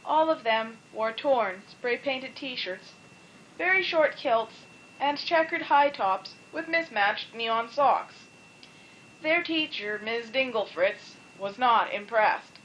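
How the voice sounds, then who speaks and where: High-voiced woman reading a storybook. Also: expressive, slow pace, a bit bright, a little hiss or hum, low-quality recording. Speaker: storybook reader. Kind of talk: reading a children's story aloud.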